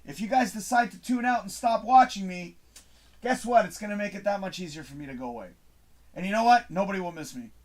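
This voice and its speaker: A man's voice: sits high, lively intonation, fast talker. A man hosting his own show, ranting to camera in a frustrated, swearing monologue with emphatic bursts. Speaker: host. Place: home studio.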